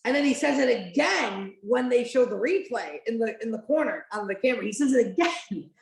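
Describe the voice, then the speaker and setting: Gravelly, a bit high, and a little fast, a woman's animated voice leads a podcast watch-along. She's the host, talking casually with many "like" fillers and the occasional swear, in an echoey room.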